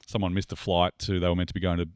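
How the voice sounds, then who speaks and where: A middle-aged man with a very deep voice talks fast in a relaxed podcast chat, agreeing often with his co-host. The sound is close and dry. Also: no room sound. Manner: fast, agreeable, backchannels a lot. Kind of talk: casual chat.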